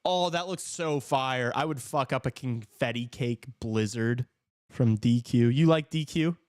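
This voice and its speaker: Man, casual live hockey reaction, excitable, jokey, dry close sound. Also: mid-range voice, unhurried, dry recording. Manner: excitable, shouts at big plays, joking. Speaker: podcast host watching a hockey game.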